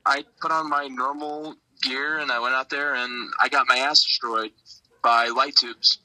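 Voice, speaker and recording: A man's voice: mid-range voice, fairly even intonation, measured pace, sharp tone, dry recording, low-quality recording. A young man, a wrestler being interviewed, tells stories casually in a laid-back, profane way and laughs often. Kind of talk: casual storytelling.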